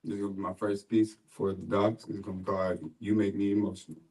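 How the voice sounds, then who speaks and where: Low mellow man reciting poetry. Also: quick pace, a little hiss or hum, low-quality recording. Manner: steady rhythmic recitation. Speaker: spoken word poet. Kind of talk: poetry reading.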